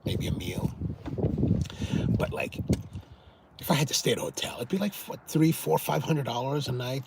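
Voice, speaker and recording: A man's voice: medium pitch, sing-song, moderate pace, long pauses. A man hosting a coffee show, chatting casually through long stories with many restarts and repeated words. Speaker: coffee show host answering viewer questions. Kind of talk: casual rambling storytelling. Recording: clear background noise and ambience.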